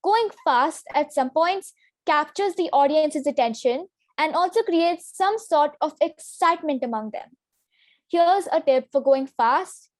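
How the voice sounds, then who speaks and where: A young woman presenting a public speaking lesson in a clear, instructive way. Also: high voice, expressive, unhurried, dry recording, studio quality. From Singapore. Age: teenager. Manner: clear, instructive delivery with demonstration sentences. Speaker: student workshop presenter.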